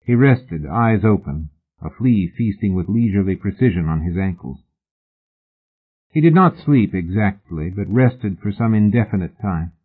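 A man narrating an audiobook in a measured, literary manner. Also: low-pitched, animated. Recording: husky voice on a tinny phone-like line.

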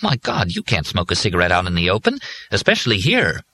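A man's voice: low-pitched, wildly swooping pitch, fast talker, pushed and bright, full character voice. A man voicing an anxious, worried male craftsman in an audiobook. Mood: alarmed. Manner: worried, pleading.

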